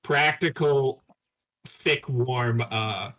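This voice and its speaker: A man playing a tabletop game over a video call, chatting in a relaxed way. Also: medium pitch, extremely slow, a little hiss or hum. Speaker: player. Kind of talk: casual chat.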